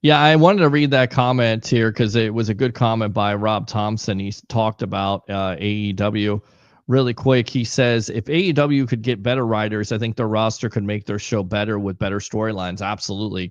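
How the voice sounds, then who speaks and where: A man hosting a casual sports talk show, keeping his voice down in a near monotone. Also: fairly low pitch, moderate pace, no echo, muffled recording. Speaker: host.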